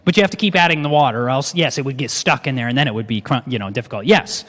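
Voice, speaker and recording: A man presenting a cooking class to a live audience, talking in a lively way and firing questions at the room. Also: medium pitch, rapid-fire. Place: church hall with a live audience. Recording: long church-hall reverb.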